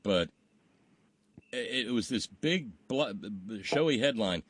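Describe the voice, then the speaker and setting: A man's voice: medium pitch, animated, slow pace, pauses often, no room sound. A man hosting a political talk show, blunt and wry, swearing casually as he reads listener questions.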